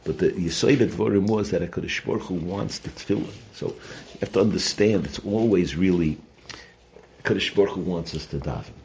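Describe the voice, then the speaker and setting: In a noisy recording, a man with a deep, slightly mellow voice teaches a weekly Torah portion class a little fast. He is earnest and explanatory, often restarting and repeating his words.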